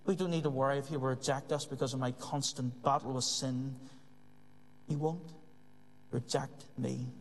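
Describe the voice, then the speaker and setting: A man's voice: mid-range voice, steady tone, normal speed. A man preaching a sermon in an earnest way, repeating key phrases for emphasis. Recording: long hall reverb.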